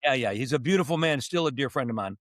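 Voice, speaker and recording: Animated man telling stories, dry sound. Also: medium pitch, fast, dry recording. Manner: animated, acts out quoted dialogue. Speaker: podcast co-host and musician. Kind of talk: casual storytelling chat.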